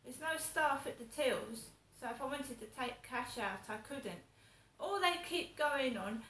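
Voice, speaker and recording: A woman's voice: high-pitched, expressive, unhurried, fairly bright tone. Indignant woman ranting. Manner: indignant, repetitive complaining, swears. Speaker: vlogger. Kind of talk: casual ranting monologue. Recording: echoey room with faint ambient noise.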